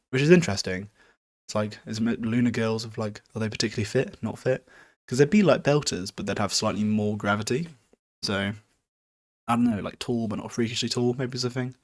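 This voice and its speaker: Chatty man recapping a book. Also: fairly low pitch. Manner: chatty and rambling, chuckles often. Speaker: podcast host. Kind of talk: casual chapter recap.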